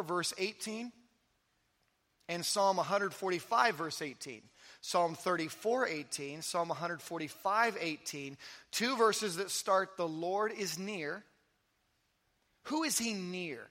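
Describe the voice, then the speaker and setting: A man preaching a sermon as pastor, telling stories with energy and then dropping to soft, intimate emphasis. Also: high voice. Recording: long hall reverb.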